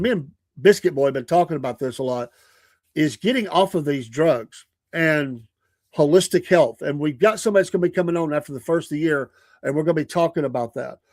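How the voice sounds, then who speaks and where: A Southern-accented man in his sixties hosts a casual morning show, talking in an earnest, rambling way full of restarts and small chuckles. His voice sits a little high for a man. The sound is dry and close, with no room around it. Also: no echo. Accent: Southern American. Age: 60s. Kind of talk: casual livestream chat.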